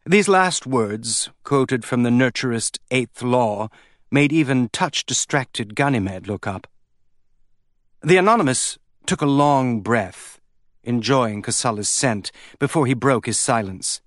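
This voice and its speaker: With a mid-range voice, a man reads an audiobook as scripted narration, keeping his storytelling even and measured. The recording is dry and of studio quality.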